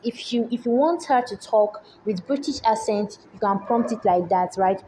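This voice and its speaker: A woman's voice: mid-range voice, normal speed, dark tone, poor audio. Woman as tutorial host, voice-over, faint hiss underneath, keeps asking "right?"-style checks. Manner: checks in with rhetorical questions. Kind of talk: screen-recorded software tutorial. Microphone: voice-over on screen recording.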